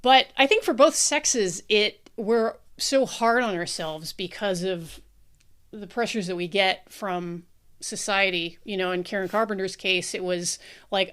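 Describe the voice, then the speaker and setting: American woman, podcast co-host, clear smooth voice, frank and sweary in casual chat. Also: medium pitch, unhurried, a bit bright. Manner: frank and blunt, swears freely.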